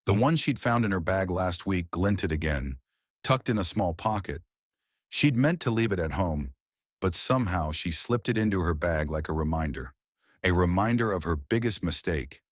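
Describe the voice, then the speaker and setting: A man narrating a romance story in calm, measured, scripted audiobook style. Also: sits low, dry recording, studio quality.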